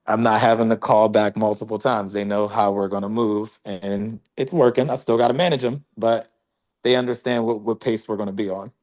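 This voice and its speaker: A man's voice: on the low side, fairly even intonation, fairly quick, a little mellow. Casual man sharing agent experience. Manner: casual, loose, many filler likes. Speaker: real estate agent. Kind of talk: casual chat in a team meeting.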